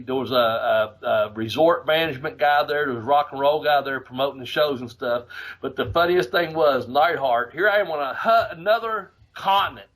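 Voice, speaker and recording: A man hosting a podcast, telling a road story in a casual, profane, animated way, laughing as he goes. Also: fairly high pitch, fairly quick. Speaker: podcast host.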